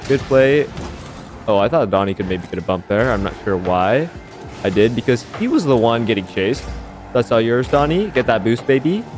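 A young man giving casual, excitable commentary over his own gameplay, swearing and mocking himself, his voice leaping up high in hype moments. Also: moderate pace. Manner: excitable, swears, self-mocking, voice leaps up high when hyped. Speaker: gaming YouTuber. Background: background beat music.

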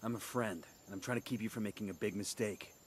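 A man as a blunt, fast-talking soldier. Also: on the low side, a little hiss or hum, close to an everyday voice. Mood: firm. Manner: clipped, matter-of-fact. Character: terse special-forces operator, calm, blunt.

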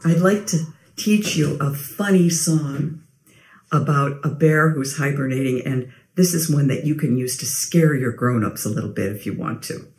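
A woman librarian talking gently and simply to young children at a storytime. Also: low-pitched, moderate pace, reverberant.

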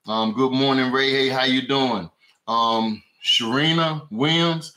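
Slow and forceful, with a bright mid-range voice, a man hosts a casual home cooking live stream for his channel. He calls out viewers by name and often repeats "you know what I'm saying," and his stand-mounted camera mic picks up a roomy echo.

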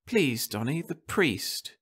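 A man voicing a weary middle-aged wife pleading softly at her dying husband's bedside. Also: mid-range voice, very animated, slow, breathy edge, pitched above the performer's own voice, heavily acted. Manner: soft, strained, pleading.

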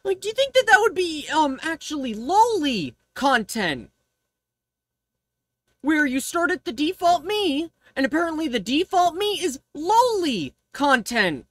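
A woman's voice: high-pitched, a little slow, dry recording. A woman streamer chatting casually on a livestream, ranting and swearing freely. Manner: ranting, profane, animated.

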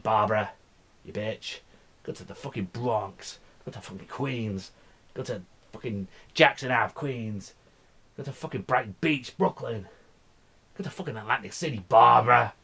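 A man's voice: on the low side, moderate pace, gravelly, a bit bright, slightly rough. Rambling, cursing man ranting on a vlog. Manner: profane, rambling, slurring and mumbling. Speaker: vlogger. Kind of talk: drunken rambling vlog rant.

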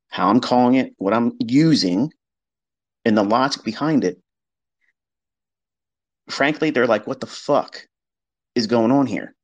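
A man's voice: medium pitch, poor audio. A man hosting an online audio chat, talking in a blunt, profane, casual monologue. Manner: blunt and profane, mocking the doubters he quotes. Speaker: trading educator hosting an audio space.

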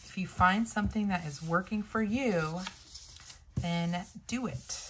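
Woman vlogger, unhurried and gravelly, talks viewers through her crafting as she thinks aloud. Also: on the low side, fairly bright tone, slight background noise, low-quality recording. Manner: chatty, thinks aloud, addresses viewers directly. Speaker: planner and sticker vlogger. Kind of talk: casual crafting tutorial.

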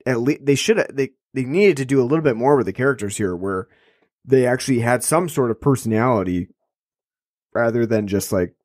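A man's voice: mid-range voice, expressive, brisk, a little mellow, no echo, studio quality. A man co-hosting a podcast, chatting casually about a film, rambling with many restarts and fillers. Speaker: podcast co-host. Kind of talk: casual film review chat.

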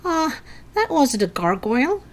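A woman voicing a stubborn, skeptical schoolboy who talks loud and mocking. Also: high-pitched, big pitch swings, unhurried, pitched above the performer's own voice. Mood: scoffing.

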